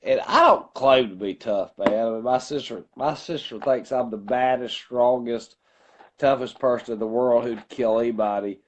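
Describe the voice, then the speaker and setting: A man's voice: mid-range voice, moderate pace. A drunk man co-hosting a podcast, rambling through a profane story in casual talk. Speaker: podcast co-host. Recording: dull lo-fi recording.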